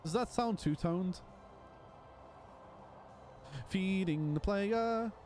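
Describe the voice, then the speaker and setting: A man's voice: sits high, extremely slow, darkish tone, soft background music. A man chatting casually while streaming a game, rambling with frequent restarts. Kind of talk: casual live-stream chat while playing.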